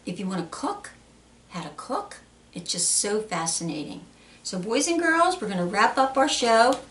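A woman hosting a children's storytime, reading aloud in an animated, sing-song way with playful animal sounds. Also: mid-range voice, normal speed, a little hiss or hum. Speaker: children's librarian. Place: public library. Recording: echoey room, mic at a distance.

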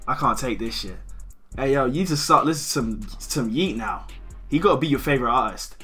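A young man chatting with strangers on a video chat site. He talks loudly and excitably, swears a lot, and keeps bursting into shouts. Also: mid-range voice, fairly quick, soft background music. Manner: loud, excitable and profane, breaking into shouts and laughter.

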